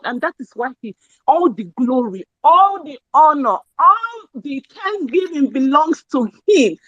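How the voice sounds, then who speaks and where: A woman, talking in an excited, effusive and rambling way during a casual live chat. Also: sits high, dry recording, highs cut off. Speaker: speaker in a live audio space.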